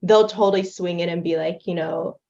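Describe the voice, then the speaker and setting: A young woman talks through her animation setup in a loose, chatty way, full of fillers and quick laughs. Her voice sits a little low and comes over a dull, lo-fi call line. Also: steady tone, vocal fry, dark tone. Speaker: guest creator demonstrating animation software. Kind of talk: casual livestream chat. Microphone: video call.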